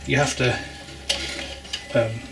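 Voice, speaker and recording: A man's voice: mid-range voice, little pitch movement, slow pace. A man casually explaining his home brewing as he works, with wry asides and a bit of effort while stirring. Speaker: home brewer. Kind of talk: casual how-to vlog narration. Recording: loud background noise with clattering.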